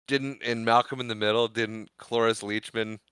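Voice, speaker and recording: A man's voice: mid-range voice, steady tone, moderate pace, a bit bright, smooth, dry recording. A man co-hosting a podcast, recapping a film in casual, jokey chat. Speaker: podcast co-host.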